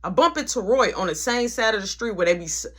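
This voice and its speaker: A young woman telling a story in a casual, animated way, heavy on slang. She jumps between narration and acted-out dialogue with a mid-range voice. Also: medium pitch, fast talker.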